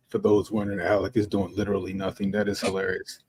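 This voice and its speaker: A man with a fairly low voice chats casually on a livestream, cracking jokes and chuckling as he goes. The sound is close and dry. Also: completely flat delivery, fairly quick, darkish tone, slightly rough, no echo, rough recording.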